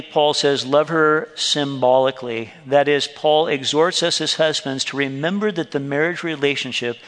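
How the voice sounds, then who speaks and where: A man's voice: a little high, a bit bright. Conversational male pastor preaching in a hall. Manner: conversational preaching with acted-out quotes. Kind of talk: sermon.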